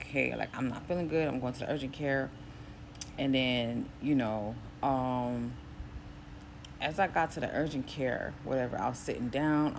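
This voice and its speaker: A woman from New York casually telling a personal faith testimony, acting out quoted speech in a higher voice. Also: slight background noise. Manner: grows quieter and softer later in the story. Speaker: Christian vlogger.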